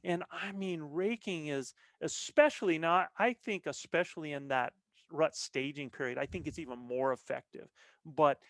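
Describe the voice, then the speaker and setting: A man's voice: fairly high pitch, normal speed, dry recording. A man talking as a podcast guest, explaining things earnestly in a casual chat with frequent restarts. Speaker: podcast guest, veteran elk bowhunter.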